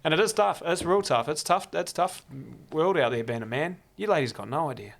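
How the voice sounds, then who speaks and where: A New man chatting as a podcast guest, animated and storytelling, often acting out what others said. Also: on the high side, a little fast, gravelly. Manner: animated, acts out quotes, lots of restarts. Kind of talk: casual storytelling chat. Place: studio in a computer store.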